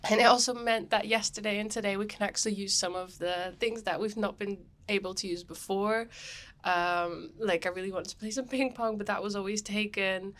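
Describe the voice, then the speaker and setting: A woman's voice: mid-range voice, steady tone, brisk, fairly bright tone. Chatty woman podcaster with a cold. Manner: chatty and rambling, many ums. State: has a cold. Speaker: podcast host. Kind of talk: casual podcast monologue. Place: on board a cruise ship.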